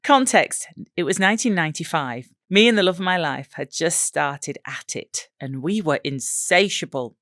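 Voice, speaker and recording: A lower-pitched English woman hosts a casual podcast, reading out listener letters and breaking into giggles. Her voice is close and dry, with no room sound. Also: normal speed, hardly any pauses, no echo. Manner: giggly, lively storytelling. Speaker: podcast co-host.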